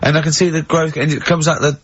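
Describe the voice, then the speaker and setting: A man hosting a radio show, telling stories in lively banter and acting out the other people's lines. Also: fairly high pitch, fast, husky. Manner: animated storyteller who acts out other people's lines. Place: radio studio. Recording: lo-fi radio recording.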